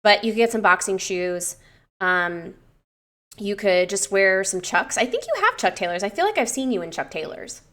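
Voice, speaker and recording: A young woman coaching in a loose, chatty way, breaking down a client's form. Her voice is bright and forward, and she swears freely and gushes when something impresses her. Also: mid-range voice, lively intonation, normal speed. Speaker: personal trainer. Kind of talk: casual coaching review.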